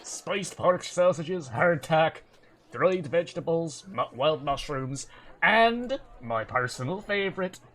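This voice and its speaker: A man's voice: on the high side, unhurried. A man voicing a jolly male dwarf food merchant with a thick accent, heartily listing his foods. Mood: proud. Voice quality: thick hard-to-follow accent. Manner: hearty, loud, relishing each food item.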